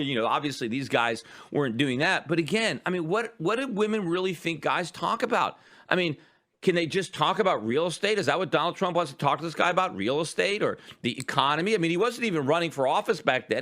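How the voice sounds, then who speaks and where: A middle-aged man holds forth on his podcast, firing off rhetorical questions and answering them himself. His voice is bright and forward, sitting a little high for a man. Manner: animated, argumentative, rhetorical questions. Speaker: podcast host. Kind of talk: opinion monologue.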